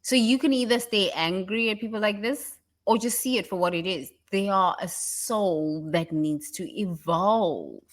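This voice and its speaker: A woman giving a casual motivational talk, animated and laughing often, breaking into mocking impressions. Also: measured pace, few pauses. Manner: animated, laughs often, mimics others in high voices. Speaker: self-help speaker.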